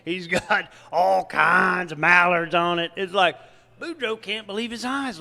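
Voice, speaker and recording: A man's voice: high-pitched, measured pace, creaky, bright, forceful tone, long reverb tail. A man from Louisiana, a podcast co-host, telling a joke casually and swearing freely. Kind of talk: casual chat.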